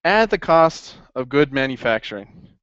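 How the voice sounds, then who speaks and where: A man teaching an accounting class in a lively classroom lecture, quizzing students as he goes. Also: mid-range voice, measured pace, smooth, no echo. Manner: upbeat, asks the class questions. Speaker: accounting instructor. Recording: dry, dull lo-fi classroom recording.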